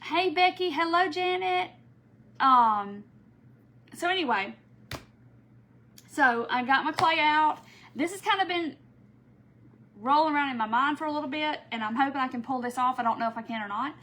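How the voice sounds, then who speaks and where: A woman's voice: sits high, animated, normal speed, long pauses, fairly bright tone, poor audio. A woman hosting a casual live craft stream from home. She chats easily, greets viewers by name and laughs often. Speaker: craft host.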